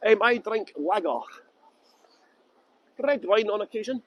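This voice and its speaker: A man's voice: sits high, expressive, unhurried, fairly bright tone, no room sound, low-quality recording. A man guiding a live walking tour outdoors through city streets. He chats and jokes with viewers while holding a phone. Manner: chatty, jokey, laughs often, answers viewer comments. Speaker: tour guide. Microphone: handheld phone.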